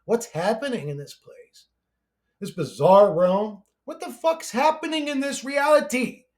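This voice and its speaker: A man's voice: very high-pitched, unhurried. A man ranting to camera as a YouTuber, profane and exasperated, his voice climbing as he gets angrier. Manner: profane, exasperated, rising to shouting. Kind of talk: angry conspiracy rant.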